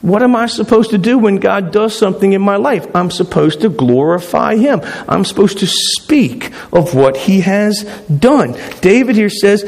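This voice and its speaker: A man's voice: high voice, moderate pace, gravelly, hardly any pauses, a little mellow. A man preaching a sermon as pastor, speaking emphatically and repeating phrases for stress. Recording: long hall reverb.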